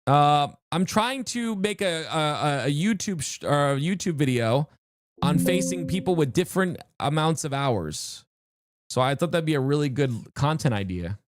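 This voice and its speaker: A live streamer chatting excitedly to viewers while playing, often restarting sentences mid-thought. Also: medium pitch, moderate pace, no room sound, studio quality. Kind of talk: live-stream game reaction chat.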